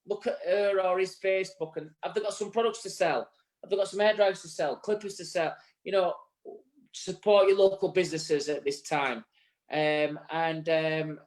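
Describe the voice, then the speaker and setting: Man, Yorkshire accent, fairly high pitch, earnest, rambling, casual talk in a bar set. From England. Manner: earnest, rambling, occasionally swearing. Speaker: co-host. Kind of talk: casual live show chat.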